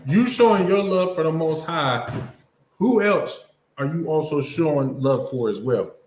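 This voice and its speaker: A man's voice: on the high side, lively intonation, unhurried, a little mellow, slight background noise. A man teaching a Bible class in a casual preaching style, often checking in with his listeners by asking if they understand. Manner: conversational preaching, keeps asking "you understand?". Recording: roomy echo.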